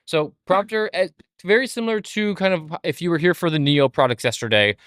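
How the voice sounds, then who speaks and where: A man's voice: a little high, a little fast, no room sound, clean studio sound. A man co-hosting a livestream, cracking playful jokes in casual chat. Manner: playful joker, animated delivery. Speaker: livestream co-host.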